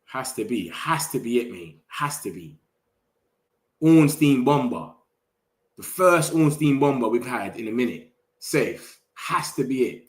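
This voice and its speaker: A young man runs a casual live stream. He talks fast and slangy straight to the people in his chat and gets excited easily. His voice sits at a middle pitch. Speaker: football livestream host.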